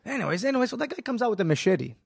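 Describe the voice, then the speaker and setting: Gravelly man, animated storyteller in a casual interview, dry sound. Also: high-pitched, racing, no room sound. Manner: animated, acts out quotes, swears. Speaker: guest, jiu-jitsu school owner.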